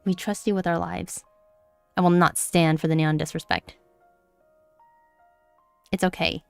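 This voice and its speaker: A woman's voice: fairly low pitch, fairly even intonation, unhurried, vocal fry, long pauses, clear, resonant tone, no echo, soft background music. A woman streamer chatting casually during a game, giggly and apologetic, talking close to her mic. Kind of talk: casual gaming livestream chat. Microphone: close desk mic.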